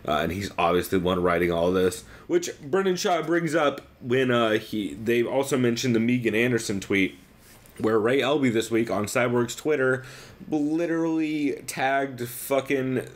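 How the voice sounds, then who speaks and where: A man's voice: mid-range voice, moderate pace. A young man hosting a podcast, recapping another show in a rambling, profane, exasperated way. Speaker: podcast host.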